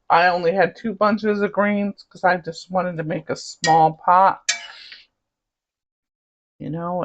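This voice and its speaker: Chatty Southern woman cooking at home. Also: lowish voice. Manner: chatty, savoring food with hums. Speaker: cooking channel host. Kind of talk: casual cooking demonstration. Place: home kitchen. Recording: dull lo-fi recording.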